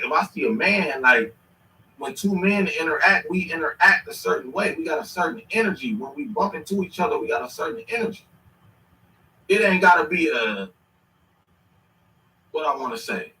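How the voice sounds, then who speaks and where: A man's voice: high-pitched, pushed and bright. A man casually reacting to clips on a stream, rambling and slangy with sudden bursts of laughter. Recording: echoey room, mic at a distance.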